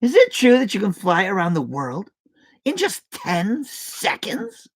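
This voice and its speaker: A woman voicing a clever, bold young princess in a storybook reading, speaking high, slow and emphatic. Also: wildly swooping pitch, exaggerated voice. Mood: eager.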